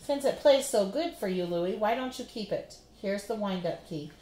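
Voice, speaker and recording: A woman voicing a gruff grown man who yells and blusters, recorded in a roomy space. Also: mid-range voice, animated, moderate pace, natural voice. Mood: friendly. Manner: yelling and blustering. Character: gruff grown man, loud junk hauler.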